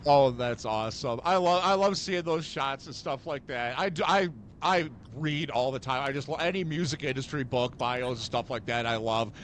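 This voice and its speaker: A man hosting a podcast, telling stories in a rambling, animated way with many fillers. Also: mid-range voice, moderate pace, hardly any pauses, slight background noise. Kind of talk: casual chat.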